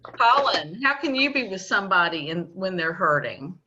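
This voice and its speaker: A woman teaching a children's Bible lesson on a video call, gently coaxing the kids and repeating her questions. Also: mid-range voice, sing-song, moderate pace, background noise. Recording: dull lo-fi video call audio.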